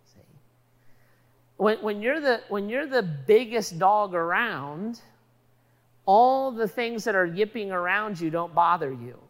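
A woman's voice: medium pitch, expressive, slow pace, long pauses, big-room sound. A woman preacher delivering a sermon in a conversational, storytelling manner.

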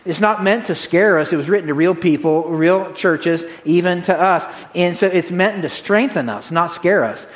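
A male pastor preaching to his congregation with energy and a folksy, conversational touch. His voice sits a little higher than most men's, and he circles back to drive his main points home. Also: moderate pace, hardly any pauses. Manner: energetic, direct, repeats key phrases to a congregation. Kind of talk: sermon.

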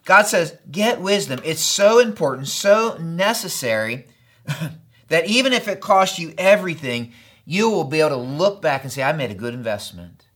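A man's voice: fairly high pitch, big pitch swings, normal speed, a bit bright. A middle-aged man preaching a sermon in a conversational, storytelling way, often checking in with the listeners. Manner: conversational, storytelling with acted quotes and frequent "right?". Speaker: pastor.

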